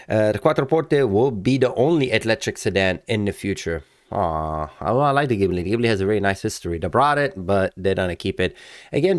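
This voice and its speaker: A man with a low, smooth, resonant voice talks loosely through car news in a dry, close-sounding recording. He rambles with many fillers and restarts and now and then hams up model names for fun. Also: no echo. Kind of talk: casual commentary to camera.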